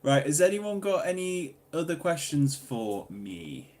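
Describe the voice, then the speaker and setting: A young Geordie man from Newcastle upon Tyne, England, runs a relaxed YouTube livestream Q&A, his voice a little high and his pace measured. He reads the chat aloud, cracks jokes, and now and then erupts into loud, excited exclamations.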